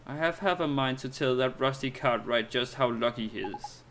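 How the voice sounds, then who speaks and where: A man's voice: medium pitch, moderate pace, noisy background, natural voice. A man doing a gossipy old neighbor lady. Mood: gossiping. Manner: chattering, sighing, calls everyone dear. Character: gossipy old woman neighbor, fussy and kindly. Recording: game music behind the voice.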